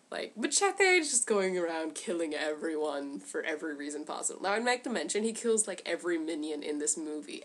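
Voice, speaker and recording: A woman's voice: fairly low pitch, fairly bright tone. A young woman vlogger ranting about a movie in casual, rambling, sarcastic chat into a camera mic.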